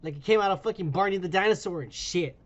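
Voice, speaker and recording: A man's voice: high voice, fast, lo-fi sound. A man co-hosting a podcast in casual, profane chat, reading quotes aloud and swearing freely. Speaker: podcast co-host.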